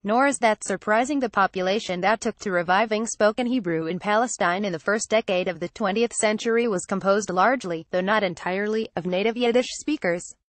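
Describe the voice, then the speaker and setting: A woman reading a written article aloud in a measured, even way. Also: medium pitch, no echo. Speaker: reader.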